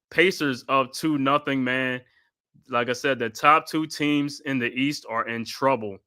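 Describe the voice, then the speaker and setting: A New York man hosts a sports live stream full of excited postgame fan commentary. His medium-pitched voice is smooth, and he laughs often while trash-talking rival fans and constantly repeating his catchphrases.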